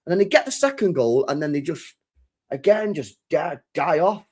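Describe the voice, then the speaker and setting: Excitable sweary young streamer. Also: male voice, fairly high pitch, normal speed, a little hiss or hum. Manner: excitable, sweary, repeats himself. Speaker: football streamer. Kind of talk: live-stream football reaction.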